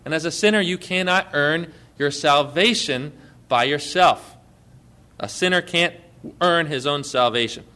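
A man delivers a sermon with a somewhat high-pitched voice. He presses hard on key phrases and then drops almost to a murmur, and his delivery keeps shifting between loud and soft. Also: measured pace. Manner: emphatic, swings between loud and hushed. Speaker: pastor.

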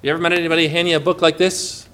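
High, bright-voiced man preaching. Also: very fast. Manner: animated preaching, asks the congregation questions. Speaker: pastor. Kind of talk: sermon.

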